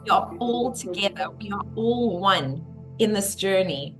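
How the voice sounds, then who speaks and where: A woman's voice: mid-range voice, expressive, measured pace, faint music behind. A woman hosting a spiritual live stream, effusive and greeting her viewers one by one by name.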